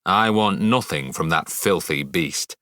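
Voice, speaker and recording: A man's voice: sits low, animated, unhurried, sharp tone, dry recording, clean studio sound, voice pushed down, heavily acted. A man voicing a cold, commanding female witch assassin in an audiobook, with grave and clipped delivery. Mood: stern.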